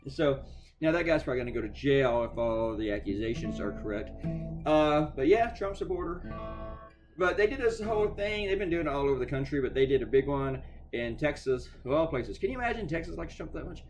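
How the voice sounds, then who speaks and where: A man's voice: fairly high pitch, lively intonation, fairly quick, soft background music. A man talking casually while he works, chatty and sarcastic, swearing freely and often restarting his sentences. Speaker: cartoonist talking while drawing. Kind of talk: casual rambling monologue.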